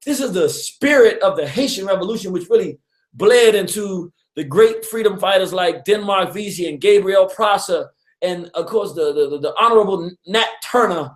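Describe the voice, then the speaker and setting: A man hosting a casual radio talk on history, an animated storyteller who chuckles often and acts out quotes. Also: high-pitched, normal speed, roomy sound. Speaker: radio show host.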